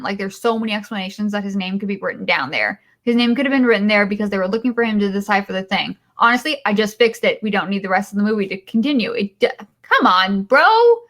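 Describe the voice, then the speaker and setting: A woman's voice: mid-range voice, fairly bright tone. A woman hosting a podcast, recapping a film in a casual, rambling and sarcastic way with many filler sounds. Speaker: podcast host.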